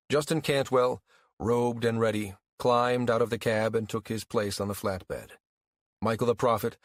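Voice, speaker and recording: A man narrating a first-person audiobook in a weary, wry, even-paced storytelling manner. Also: fairly low pitch, dry recording, clean studio sound.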